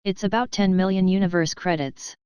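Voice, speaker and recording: A woman reading the part of a calm, self-assured young man in an audiobook, speaking softly and evenly. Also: medium pitch, a little fast, clean tone, no room sound, lo-fi sound, lightly acted. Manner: soft, even delivery.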